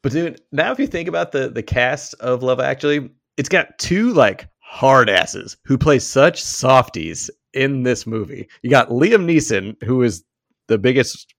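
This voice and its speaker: A man's voice: mid-range voice, animated, unhurried, creaky, fairly bright tone, no room sound, clean studio sound. A man co-hosting a podcast in casual, jokey chat, laughing often. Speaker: podcast co-host.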